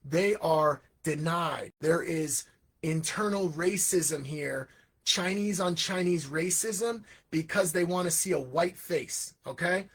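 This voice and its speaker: Man, high-pitched, husky voice, energetic live talk, emphatic asides, English teacher. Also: slow. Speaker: English teacher and education program founder. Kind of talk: live monologue. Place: Hong Kong.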